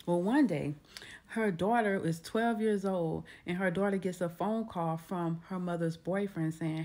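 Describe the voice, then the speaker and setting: A woman's voice: lowish voice, a little slow, darkish tone. A woman retelling a true crime case in a casual, conversational way, restarting her sentences often. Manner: conversational, with frequent restarts and acted quotes.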